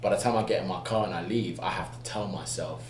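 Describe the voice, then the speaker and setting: A man from the United Kingdom, an actor guest explaining things calmly in a relaxed interview. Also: sits low, fast talker, faint music behind. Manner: calm, explanatory, lots of fillers. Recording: echoey room with background hum.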